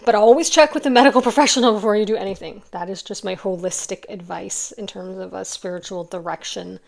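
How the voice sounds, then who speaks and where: A woman's voice: medium pitch, fast talker, vocal fry. A middle-aged woman giving a pick-a-card tarot reading in a chatty, emotional, rambling way.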